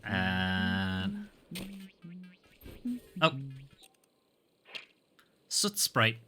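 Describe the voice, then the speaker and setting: A man casually streaming a video game, tossing out offhand asides and reading item descriptions aloud. His voice is very bright and crisp, with lots of rise and fall, sitting a little higher than most men. Quiet game music plays behind him. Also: big pitch swings, measured pace, long pauses. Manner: offhand, muttering asides between read-outs.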